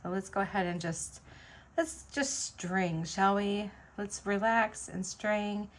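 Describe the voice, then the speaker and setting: Slow and mid-range, this woman's voice drifts through a casual, filler-heavy ramble as she makes beaded jewelry at home for her vlog.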